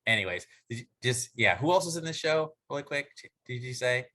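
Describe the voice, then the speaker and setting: A man's voice: medium pitch, animated, sharp tone. A man co-hosting a casual podcast chat, rambling and cursing, cutting in often. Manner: rambling, profane, quick to jump in. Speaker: podcast co-host.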